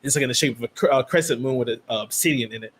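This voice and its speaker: A man's voice: mid-range voice, very fast, a bit bright, breathy edge. A man narrating as game master of a tabletop role-playing game, rambling and loose, with many "like" and "um" fillers.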